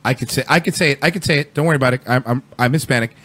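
A man's voice: mid-range voice, very fast, a bit bright. A man co-hosting a podcast, throwing in mocking, sarcastic quips. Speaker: podcast co-host. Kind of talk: profane casual commentary.

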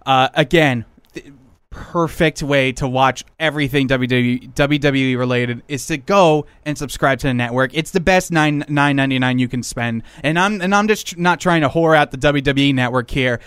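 A man's voice: mid-range voice, moderate pace, fairly bright tone, clean tone, no room sound. A man hosting a wrestling podcast, chatting casually and rambling with restarts. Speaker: podcast host.

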